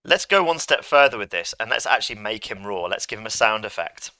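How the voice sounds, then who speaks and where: A man's voice: on the low side, lively intonation, brisk, sharp tone, no echo. A man teaching a coding lesson to pupils, chatty and playful as he talks through each step on a computer microphone. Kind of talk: screen-recorded coding lesson.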